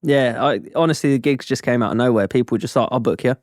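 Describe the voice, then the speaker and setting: A man's voice: mid-range voice, fast, darkish tone, no room sound, studio quality. A man chatting casually as podcast co-host, laughing easily between memories. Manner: laughing, easygoing. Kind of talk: casual chat.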